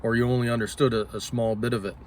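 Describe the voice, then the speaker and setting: Halting man clearing his throat. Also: mid-range voice, little pitch movement, a little hiss or hum. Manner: halting, thinks aloud with restarts and self-corrections. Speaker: solo talker. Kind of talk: casual spoken musing.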